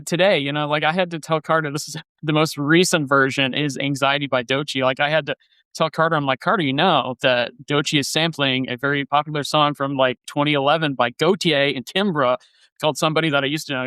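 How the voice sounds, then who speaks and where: A man's voice: a little high, a little fast, bright, forceful tone, clean tone, dry recording. Upbeat man hosting a podcast. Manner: enthusiastic, rambling with restarts. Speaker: podcast host. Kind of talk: casual podcast chat.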